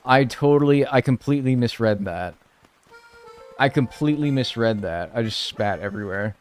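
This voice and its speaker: A man's voice: medium pitch, expressive, moderate pace, a little mellow, soft background music. A man streaming a video game, chatting with his viewers in a loose, slangy way and saying "dude" and "like" often. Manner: laid-back, slangy, says "dude" and "like" a lot, reads and answers chat. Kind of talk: casual live-stream chat over gameplay.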